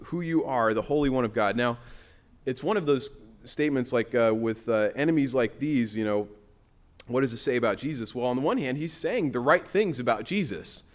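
A man preaching a sermon in a church, in a conversational way with frequent restarts. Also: mid-range voice. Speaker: pastor.

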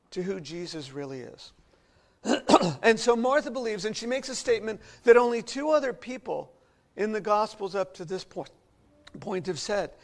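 A man with a high voice delivers a sermon. He preaches expressively and lets his volume rise to emphatic peaks, then drop to near-hushed passages. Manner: expressive preaching with wide swings in loudness. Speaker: pastor.

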